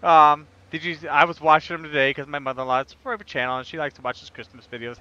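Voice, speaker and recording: Bright-voiced man streaming a farm game. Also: a little high, fairly even intonation, fast, hardly any pauses, highs cut off. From United States. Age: 30s. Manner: jokey, rambling, laughs often. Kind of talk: casual gameplay chat.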